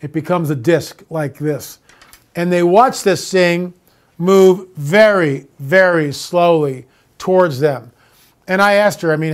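A man hosting his own show, ranting with indignant repeated questions and then slowly building a story. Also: high voice. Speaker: show host. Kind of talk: monologue to viewers.

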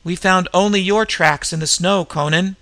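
A man reading aloud, voicing a gruff bearded northern warrior who grunts his words. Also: sits high, fairly even intonation, moderate pace, a bit bright, dry recording. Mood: urgent. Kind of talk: audiobook reading.

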